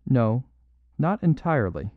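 A man reading an audiobook, voicing a gentle little priest who answers softly and calmly. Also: mid-range voice, a little slow, no echo. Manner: soft, even, mild replies. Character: gentle little male priest detective, calm and quietly odd. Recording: dull lo-fi dry recording.

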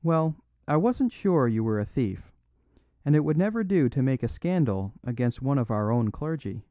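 A man's voice: medium pitch, big pitch swings, moderate pace, dry recording, voice pushed up, close to an everyday voice. A man reads a humble little priest who speaks simply and apologetically, his voice rising and falling freely. The recording is dry and a little dull, with no room sound. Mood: mild apologetic. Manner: simple, unaffected, gently apologetic. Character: mild, modest little English priest, apologetic.

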